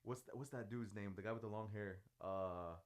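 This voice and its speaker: A man's voice: fairly low pitch, normal speed. A man hosting a casual podcast chat, laid-back, often laughing and calling his guest bro. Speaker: podcast host.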